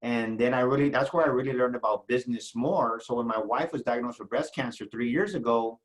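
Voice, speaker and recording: Recorded roughly, a medium-pitched middle-aged man from South Texas speaks as an entrepreneur interview guest. His personal story grows halting as his feelings rise, and he starts repeating words.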